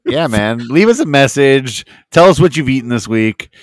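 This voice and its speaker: A man's voice: mid-range voice, animated, moderate pace, dry recording. A man co-hosting a casual podcast, laid-back and jokey, laughing often. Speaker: podcast co-host. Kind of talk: casual chat.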